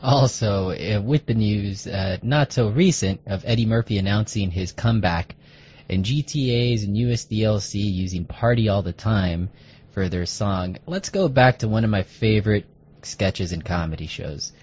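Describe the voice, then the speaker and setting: A man with a husky voice introducing a segment casually, a bit hesitant, in a dull lo-fi recording. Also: lowish voice, moderate pace, darkish tone. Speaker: podcast host.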